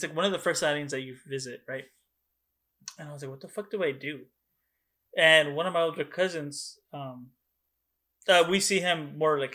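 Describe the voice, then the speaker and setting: A young man co-hosting a podcast over a video call, telling stories excitedly and swearing often. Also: fairly high pitch. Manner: excitable, swears a lot, animated storytelling. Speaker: podcast co-host. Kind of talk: casual chat.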